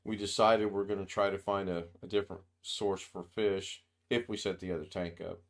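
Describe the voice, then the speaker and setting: A man's voice: low-pitched, fairly even intonation, moderate pace. An American man hosting a casual livestream chat, telling stories in a wry, teasing way. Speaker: livestream host. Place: home streaming setup.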